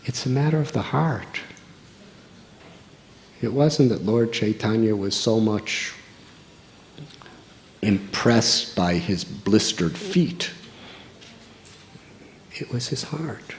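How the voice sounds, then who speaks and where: A monk in his sixties delivers a sermon, telling stories in a slow, earnest way with long pauses. His voice is gravelly and mellow, and he never hurries. A faint hiss sits behind him. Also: lowish voice, lively intonation. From United States. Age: 60s. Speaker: monk giving a religious discourse.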